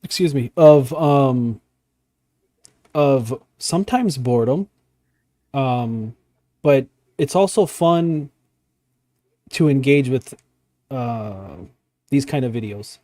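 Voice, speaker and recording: A man's voice: mid-range voice, animated, takes it slowly, long pauses, warm tone, dry recording, clean studio sound. A man hosting a casual chat, reacting to a video, rambling with many fillers and restarts. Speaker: podcast host.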